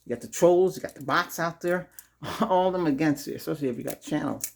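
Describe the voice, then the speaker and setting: A man's voice: fairly high pitch, a little fast, vocal fry. A man hosting a Reiki video, giving casual spoken advice to viewers, chuckling often and repeating himself. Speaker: Reiki ASMR host.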